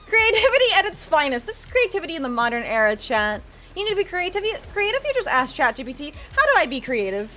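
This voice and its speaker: A woman's voice: very high voice, sing-song, fast, a bit bright, a little hiss or hum. A woman streaming from home, chatting casually and teasing her viewers in chat.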